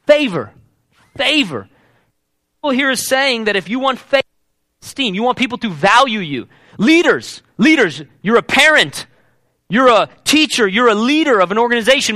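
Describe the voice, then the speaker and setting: Pastor type, male, high bright voice with big swings, emphatic sermon delivery, dry close sound. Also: dry recording. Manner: emphatic, repeats key words.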